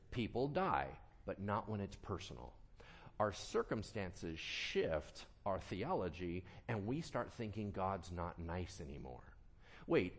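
A male pastor with a lowish voice preaches a sermon, moving between quiet, earnest talk and loud, animated bursts while acting out the voices he quotes.

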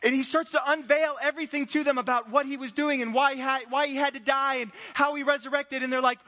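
A man preaching a sermon, telling the story in an animated way with playful asides and voiced characters. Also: extremely high pitch, quick pace, few pauses, long reverb tail. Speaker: pastor.

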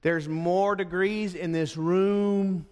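A man preaching a sermon as pastor, emphatic, with dramatic pauses on key words. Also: high voice, fairly even intonation, a little mellow. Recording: long reverb of a large hall.

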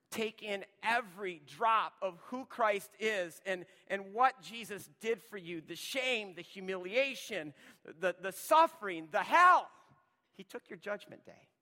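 A pastor preaching a sermon, rising to loud emphatic lines and dropping to a hushed near-whisper. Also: male voice, high-pitched, long reverb tail.

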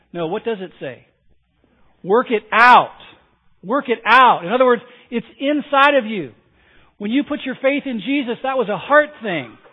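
High-voiced preacher on a tinny line. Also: male voice. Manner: emphatic, repeats key phrases, asks the crowd. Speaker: pastor. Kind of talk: sermon. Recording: tinny phone-like sound.

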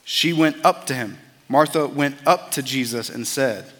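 A man's voice: mid-range voice, a little slow, hardly any pauses, a bit bright. Earnest preaching man, reverberant hall. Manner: earnest, conversational, repeats words when starting phrases. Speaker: pastor. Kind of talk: sermon.

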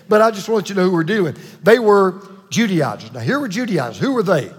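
Pastor, middle-aged man, husky high voice, folksy sermon in a reverberant church hall. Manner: folksy, repeats for emphasis, acts out quoted voices. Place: church sanctuary.

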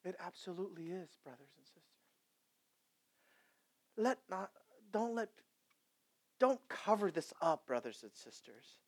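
A pastor preaches to his congregation in a voice that sits high, sing-song and unhurried, with long pauses. He moves between loud, impassioned exhortation and quiet, conversational storytelling full of asides.

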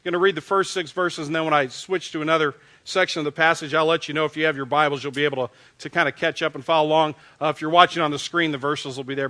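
A man in his sixties, a pastor reading scripture and preaching a sermon, emphatic and slowing down on key phrases. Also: on the high side, bright, forceful tone.

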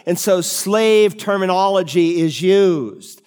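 A middle-aged man preaches from the pulpit, lifting his voice on key words and then slowing for weight. His voice is smooth, resonant and a little high for a man. Long reverb from the church sanctuary trails every phrase. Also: darkish tone. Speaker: pastor. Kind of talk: sermon.

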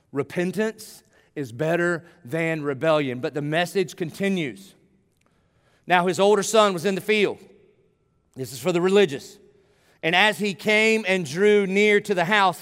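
A man in middle age delivers a sermon in a high, ringing voice. He moves between conversational asides and emphatic, pleading preaching. The church's long reverb trails behind each phrase. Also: fairly bright tone, clean tone. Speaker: pastor. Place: church sanctuary.

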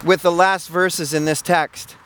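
A man's voice: fairly high pitch, fairly even intonation, measured pace, background noise. A male pastor preaching a sermon, asking emphatic rhetorical questions and often repeating words.

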